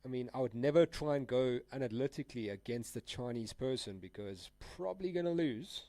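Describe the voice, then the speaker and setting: A man's voice: medium pitch, expressive, fairly quick, dark tone, no room sound. A young man chatting casually on a live trading stream, rambling and slangy with frequent laughs. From South Africa. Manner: laid-back, rambling, slangy, laughs often. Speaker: trading livestreamer.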